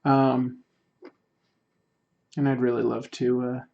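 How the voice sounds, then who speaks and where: A man's voice: medium pitch, monotone, slow, gravelly, muffled recording. A man chatting casually with viewers while he draws on a livestream, rambling and self-deprecating, with frequent fillers. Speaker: livestreaming artist. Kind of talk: casual chat while drawing, answering viewer comments.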